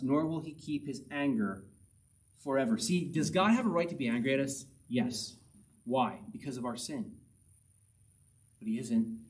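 A man's voice: mid-range voice, distant mic, poor audio. A man preaching a sermon in a conversational way, reading scripture aloud and repeating his key points for emphasis. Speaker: pastor.

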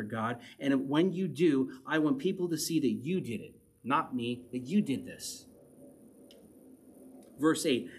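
Guy teaching bible verses, reads a passage then chats about it, kinda husky. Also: medium pitch, moderate pace, darkish tone. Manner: reads scripture then explains it conversationally, with little chuckles.

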